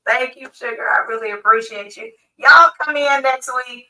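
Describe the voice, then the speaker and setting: American woman, podcast guest, casual chat, playful, bright tone. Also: a little high, normal speed, distant mic, low-quality recording. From United States. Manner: playful, warm-hearted, laughs easily.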